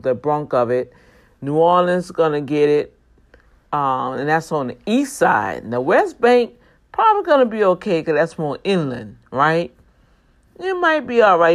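Emphatic preachy vlogger. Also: medium pitch. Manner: emphatic, preachy, with prayerful asides. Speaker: vlogger addressing regular viewers. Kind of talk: casual monologue with urgent warnings.

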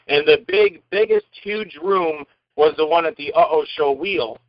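A man, an actor being interviewed, telling animated and rambling anecdotes in casual conversation. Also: fairly high pitch, measured pace, dry recording, highs cut off. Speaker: guest actor.

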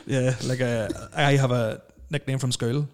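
A man's voice: mid-range voice, fairly even intonation, unhurried, slight background noise. An Irish man in his thirties hosting a podcast in casual chat, with a stutter, repeating words and laughing often. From Ireland. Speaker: podcast host.

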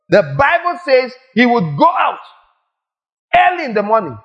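A male preacher giving a lively sermon, firing rhetorical questions at the congregation and acting out little scenes. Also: extremely high pitch, normal speed, dull audio.

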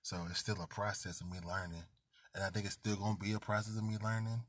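A man's voice: lowish voice, fairly even intonation, fast, a little hiss or hum. A man hosting a casual podcast from a parked car, telling stories in a laid-back, slangy way. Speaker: podcast host. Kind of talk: casual chat.

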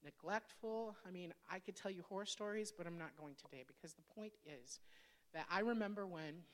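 A woman in her fifties, a pastor, telling her personal testimony in a candid, conversational sermon that speaks straight to the congregation. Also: on the low side. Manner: candid, conversational, addresses audience directly.

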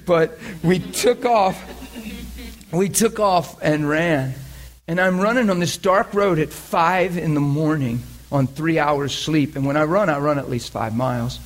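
A man preaching, telling a personal story with animated energy and frequent laughter. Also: a little high, unhurried. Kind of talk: sermon storytelling.

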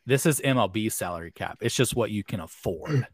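A man's voice: on the low side, animated, a little fast, breathy edge, no room sound. Wry man with a dry, close sound. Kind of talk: casual sports chat.

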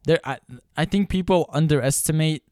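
A young man co-hosting a podcast in relaxed, skeptical casual chat, full of fillers. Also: on the high side, fairly quick, a little hiss or hum. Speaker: podcast co-host.

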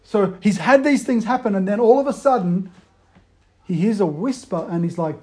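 In a sermon delivered conversationally at normal speed, this male preacher's high voice comes across mellow and soft around the edges. Emphatic outbursts alternate with hushed, quiet retellings.

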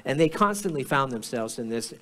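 A man's voice: medium pitch, lively intonation, brisk, a bit bright. A man pastor preaching in a conversational way, asking questions and often restarting his phrases. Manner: conversational, repeats himself in restarts. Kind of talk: sermon. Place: church.

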